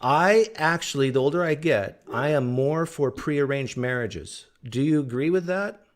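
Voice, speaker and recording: A man hosting a casual live question-and-answer stream, teasing and animated with his callers. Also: a little high, unhurried. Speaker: livestream host.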